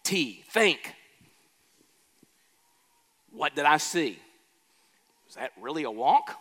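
Slow-preaching man in a reverberant hall. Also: on the high side, big pitch swings, a bit bright. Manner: emphatic preaching, slows and rises on key words. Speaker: pastor. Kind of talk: sermon.

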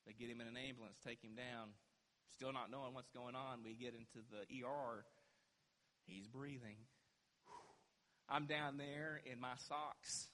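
A young adult man preaching a sermon as pastor, impassioned, swinging between hushed moments and shouts. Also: on the high side, long reverb tail.

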